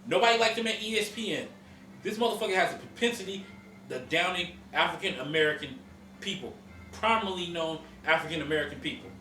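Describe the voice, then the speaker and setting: A man's voice: on the high side, quick pace, sharp tone, echoey room, recorded from a distance, a little hiss or hum. A man hosting a podcast, ranting in heated casual chat, profane and emphatic. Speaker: podcast host.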